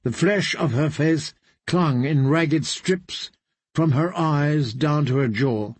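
A man reading a fantasy novel aloud with measured, grave narration. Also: fairly high pitch, breathy edge, dry recording. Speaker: audiobook reader.

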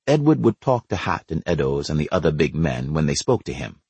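A man narrating an audiobook in a measured storytelling way. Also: very deep voice, very animated, a little mellow, breathy edge, no room sound.

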